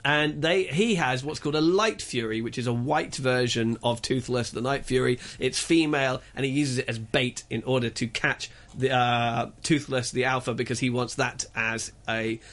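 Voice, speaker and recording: A man reviewing films on a radio show, telling the story in an animated, rambling way with many restarts. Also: medium pitch, normal speed, hardly any pauses. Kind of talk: casual radio chat.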